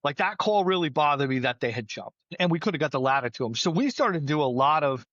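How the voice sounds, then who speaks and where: A middle-aged man, a battalion chief, telling firefighting stories in a casual podcast chat, plainspoken and lively. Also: on the high side, fast, dry recording, lo-fi sound. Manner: storytelling, animated, plainspoken with mild swearing.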